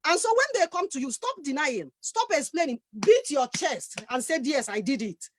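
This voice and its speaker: A woman on a discussion panel, speaking forcefully and with passion from her own experience. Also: high-pitched, very animated, normal speed, no echo.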